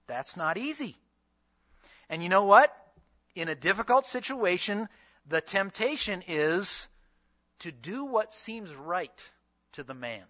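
A man's voice: high voice, bright, forceful tone, lo-fi sound. A man preaching a sermon, teaching with rhetorical questions and quoted scripture. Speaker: pastor and seminary teacher.

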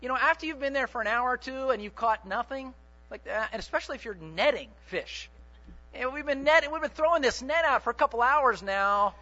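A man preaching a sermon in an animated, joking way, often putting questions to the congregation. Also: very high-pitched, highs cut off.

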